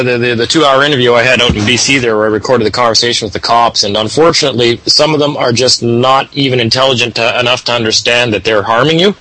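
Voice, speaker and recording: A man's voice: medium pitch, bright, forceful tone, dry recording, low-quality recording. A man hosting a casual talk show, lecturing and advising at length. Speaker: show host.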